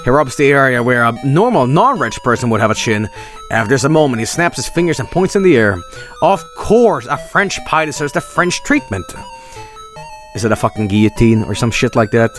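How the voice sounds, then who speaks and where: A man's voice: medium pitch, very animated, brisk. Guy streaming a text game, reads it out and jokes around, cusses a lot, voice jumps up and down, game music faint behind. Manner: loose, joking, restarts and swears. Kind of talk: reading a text adventure game aloud with casual commentary.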